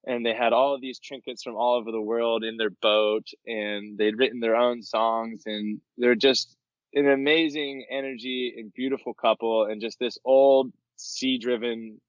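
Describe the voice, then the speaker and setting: A man from Florida, a podcast guest, telling travel stories in a lively way and acting out the people he quotes. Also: no echo. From Florida, USA. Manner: animated storyteller, acts out quoted people in a higher voice. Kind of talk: storytelling interview. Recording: dull, dry podcast mic.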